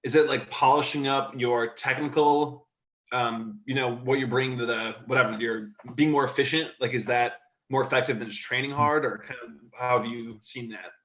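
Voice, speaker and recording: A man's voice: medium pitch, fairly even intonation, moderate pace, a bit bright. A man interviewing a guest, asking long, hesitant, rambling questions. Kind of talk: casual interview. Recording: dull echoey room.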